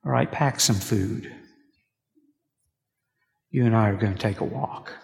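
A man voicing God as calm and patient, murmuring gently and reassuringly. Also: fairly low pitch, fairly quick, creaky. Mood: gentle. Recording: long reverb of a large hall.

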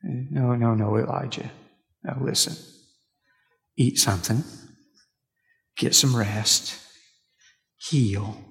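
A man voicing God as calm and patient, murmuring gently and reassuringly. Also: lowish voice, a little fast, gravelly, hardly any pauses. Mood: gentle. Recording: long reverb of a large hall.

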